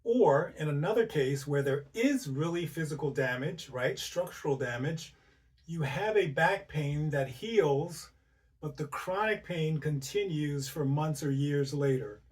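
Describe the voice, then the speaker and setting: A man with a fairly high voice talks through a health topic in an easy, conversational way. He keeps checking in with "right?" and asks lots of rhetorical questions. He sounds a little away from the microphone. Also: lively intonation, unhurried, distant mic. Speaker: host. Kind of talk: informal health talk to camera.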